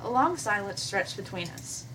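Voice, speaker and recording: A woman hosting a game playthrough, reading a visual novel aloud in an expressive, animated way and adding her own comments. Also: mid-range voice, moderate pace, recorded from a distance, poor audio. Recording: voice from away from the mic with faint hiss.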